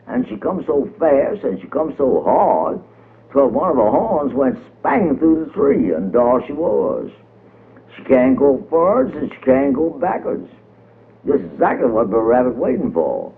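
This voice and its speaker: A man's voice: mid-range voice, huge pitch swings, unhurried, gravelly. A man with a reading a folk tale in a colorful, rhythmic storytelling manner. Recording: tinny old radio recording.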